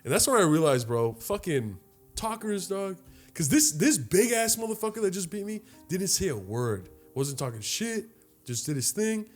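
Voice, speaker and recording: Over soft background music, this late-twenties male podcast co-host talks at a moderate pace in a voice that sits high. Animated and freely profane, he tells a story in casual conversation, imitating the voices of the people in it.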